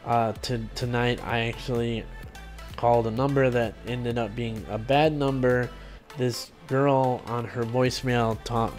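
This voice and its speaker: A man streaming and making game videos, talking in a rambling, loose way with many fillers and restarts. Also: medium pitch. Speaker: gaming YouTuber and streamer. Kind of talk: casual vlog talk to camera.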